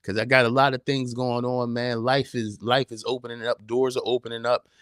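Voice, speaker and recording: A mid-range, clear and resonant voice with a fairly bright tone comes through in dry, studio-quality audio. The man speaks fairly quickly with a flat delivery, hosting a live-streamed motivational podcast in a preacher-like way and hammering home rhetorical questions.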